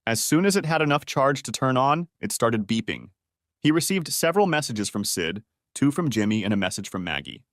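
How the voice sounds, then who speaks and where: A man narrating a family drama story in a steady, scripted storytelling voice. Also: medium pitch, brisk, no echo, clean studio sound.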